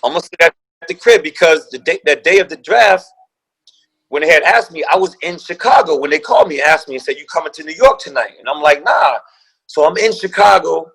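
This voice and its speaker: A man's voice: a little high, animated, fairly quick, gravelly, a bit bright, slightly rough, rough recording. A man guest telling a story with slang and profanity, acting out the quoted voices of other people. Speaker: guest, former pro basketball player. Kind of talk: animated storytelling.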